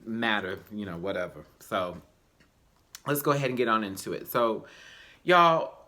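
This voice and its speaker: A young man talks straight to camera in a loose, slangy review, tired but animated. His voice is bright and forward, and it leaps high when he gets excited. He sounds casual, as if it is late at night. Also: normal speed. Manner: chatty, animated, slangy, with high-pitched exclamations. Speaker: YouTube reviewer.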